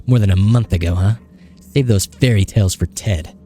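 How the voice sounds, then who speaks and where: A man's voice: fairly low pitch, normal speed, dark tone, close to an everyday voice. A man reading the lines of a stern male police detective in a video game, blunt and accusing. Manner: blunt, accusatory, pressing questions.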